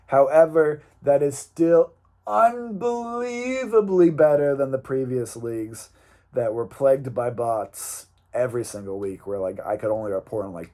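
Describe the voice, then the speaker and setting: A man's voice: medium pitch, dark tone. A man hosting a weekly game league round-up in casual, joking commentary, rambling with filler ums.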